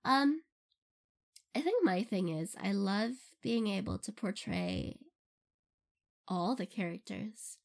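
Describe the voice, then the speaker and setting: A woman's voice: medium pitch, animated, takes it slowly, gravelly, pauses often, darkish tone. A young woman answering fan questions in a casual, rambling way, giggling often and using lots of fillers. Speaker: audio role-play creator answering fan questions. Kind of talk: casual Q&A chat.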